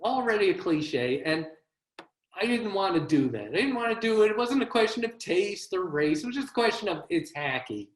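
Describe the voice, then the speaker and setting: A man's voice: high voice, big pitch swings, moderate pace. A man, a comedy writer, giving a one-man show with wry, self-deprecating comic storytelling over a video call. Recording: roomy echo.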